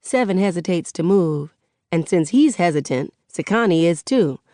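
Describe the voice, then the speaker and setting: A woman narrating an audiobook in the first person, with relaxed, conversational storytelling. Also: on the low side, normal speed, dry recording, clean studio sound.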